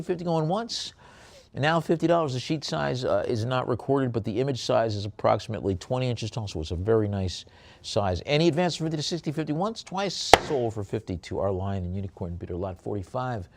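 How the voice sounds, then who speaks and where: A man's voice: medium pitch, expressive, fairly quick, a little mellow. A man working as an auctioneer, calling bids and describing artwork lots, with chatty, jokey asides between calls. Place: auction room.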